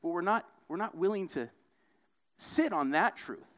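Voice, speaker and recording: Young guy preaching casually, keeps saying right?, slightly high voice, jumps into little character voices. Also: animated, normal speed, a bit bright. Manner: casual, repeats "right?" often; acts out quoted voices with big pitch jumps. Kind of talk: conversational sermon.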